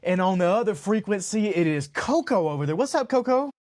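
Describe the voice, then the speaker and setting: A man's voice: high-pitched, a little fast. A stuffy-nosed man co-hosting a casual podcast, rambling and joking. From lives in Utah, lived in Los Angeles. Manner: animated, rambling, jokey. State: congested. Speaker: podcast co-host.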